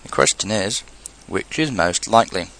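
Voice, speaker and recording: A man's voice: deep voice, animated, moderate pace, a bit bright. A man voicing an earnest, anxious little bear in a storybook reading, musing and solemn. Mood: thoughtful.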